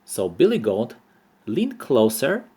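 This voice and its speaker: A male teacher reading a children's story aloud to primary pupils. His delivery is slow and unhurried, with a lively melody, and it stays expressive throughout. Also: mid-range voice, breathy edge.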